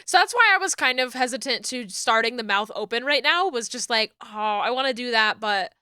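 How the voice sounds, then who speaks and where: A young woman chatting casually on a live stream while rigging a model, excitable and full of laughs and fillers. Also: a little high, a little fast, clean tone, no room sound, studio quality.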